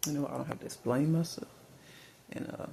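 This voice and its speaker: A man's voice: a little high, fairly even intonation, a little fast, vocal fry, background noise. A man from Mississippi, telling rambling personal stories full of fillers and restarts. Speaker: vlogger.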